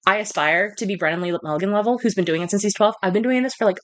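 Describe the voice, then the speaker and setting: A woman's voice: medium pitch, very fast. A woman narrating a tabletop game as game master, chatty, laughing often and self-deprecating.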